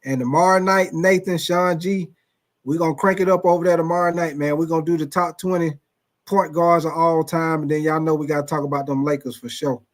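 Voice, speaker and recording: A man hosts a casual sports live stream, his voice sitting a bit high for a man. He rambles through profane stories and calls out his viewers by name as he goes. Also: fairly even intonation, brisk. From Atlanta, USA. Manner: profane, loose storytelling, addresses viewers by name. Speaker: sports livestream host.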